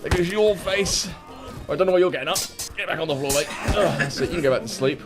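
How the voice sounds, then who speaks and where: A man streaming a fighting game, reacting loudly, repeating himself and laughing often. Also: on the high side, very fast, over music. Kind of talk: excited gameplay commentary.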